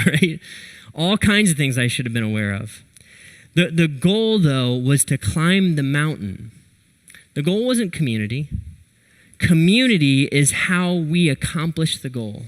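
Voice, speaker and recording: A young adult man preaching a sermon, telling a story with lively, animated retellings of what people said. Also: a little high, rough recording. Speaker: pastor.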